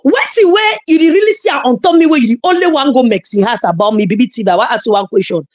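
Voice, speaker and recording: A woman's voice: sits high, quick pace, dull audio. A woman with a Nigerian Pidgin accent, scolding and insulting a rival in a heated online rant. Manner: scolding, insulting, loud emphatic outbursts. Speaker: social media commentator.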